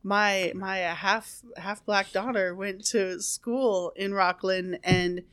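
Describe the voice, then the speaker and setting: A woman's voice: medium pitch, fairly even intonation, slow, fairly bright tone, clear, resonant tone, no room sound. A woman in her thirties in easygoing casual chat, acting out the dialogue in her stories.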